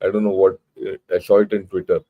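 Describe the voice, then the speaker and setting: Low-sitting and narrow, his voice stays level and fast, and the audio is tinny. An older man with an Indian English accent, he's a retired army general giving an informal lecture, bluntly emphatic and fond of rhetorical questions.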